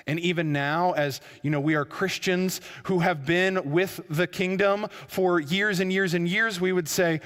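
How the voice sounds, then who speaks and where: Male preacher, slightly high voice, storytelling sermon with fillers, long church-hall reverb. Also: fairly even intonation, measured pace, hardly any pauses, fairly bright tone. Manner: storytelling, with frequent fillers and restarts.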